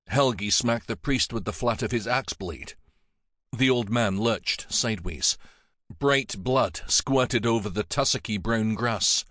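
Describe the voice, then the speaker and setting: A man narrating an audiobook in a measured, dramatic storytelling manner. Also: fairly low pitch, fairly bright tone, dry recording, clean studio sound.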